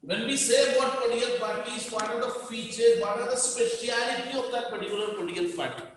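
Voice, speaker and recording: Lecturing a class in a very echoey, reverberant hall, a man with an Indian English accent dictates what students should underline and hammers home key points by repeating them. He talks fast in a very high-pitched, fairly bright voice. There is slight background noise.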